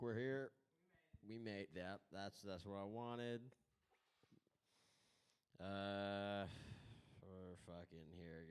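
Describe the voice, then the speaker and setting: A man's voice: low-pitched, clean tone. A man doing laid-back, chatty stand-up, talking directly to the crowd. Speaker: stand-up comedian.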